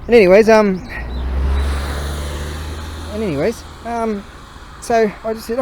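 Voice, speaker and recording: A man's voice: high-pitched, fairly even intonation, a little slow, pauses often, darkish tone, slight background noise, low-quality recording. A man vlogging outdoors, telling long rambling stories full of slang, swearing and fillers. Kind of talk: rambling casual storytelling.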